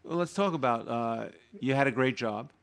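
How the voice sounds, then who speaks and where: Calm man explaining spiritual ideas. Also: mid-range voice, normal speed, creaky. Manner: reads quoted passages, then explains them with acted-out everyday examples. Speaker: guest teaching Kabbalah.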